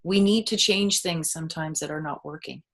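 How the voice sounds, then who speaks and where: A middle-aged woman, a parenting expert, explaining children's emotions in a relaxed interview, with gentle examples and soft laughs. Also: low voice, normal speed. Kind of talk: conversational interview.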